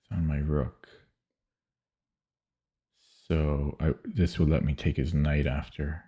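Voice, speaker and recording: Low, slow, mellow-voiced man muttering chess moves. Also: steady tone, muffled recording. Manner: muttering, halting, self-correcting. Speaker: chess streamer. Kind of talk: thinking aloud while solving puzzles.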